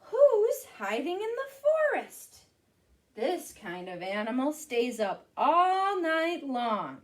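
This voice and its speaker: A woman, a children's librarian, leading an animated storytime guessing game for kids. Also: a little high.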